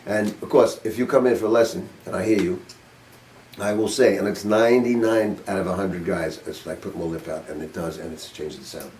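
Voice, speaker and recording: A man's voice: sits low, fairly even intonation, brisk, darkish tone, slight background noise. A man in his sixties giving a saxophone master class to a group in a studio, casual and demonstrative with offhand jokes. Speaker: saxophone teacher. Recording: roomy room, mic at a distance.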